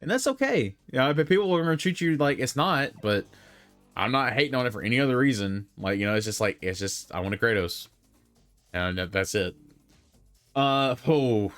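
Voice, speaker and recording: A man's voice: mid-range voice, expressive, moderate pace, a bit bright, faint music behind. Rambling young man giving gaming opinions. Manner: rambling, conversational, lots of fillers and self-corrections. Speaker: gaming commentator. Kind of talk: casual opinion commentary.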